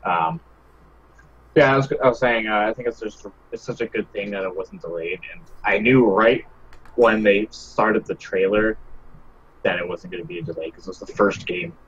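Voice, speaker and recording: A man's voice: lowish voice, normal speed, a bit bright, husky, muffled recording. A man on a podcast panel who talks hesitantly and pads his speech with fillers, heard over an online call. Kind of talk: casual podcast discussion.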